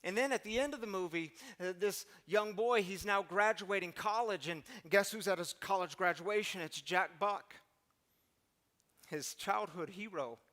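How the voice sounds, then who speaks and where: This recovery group leader, a middle-aged man, has a high voice that sounds pushed and bright, delivered at a measured pace. His motivational talk is earnest, and he acts out pleading quotes that build in intensity.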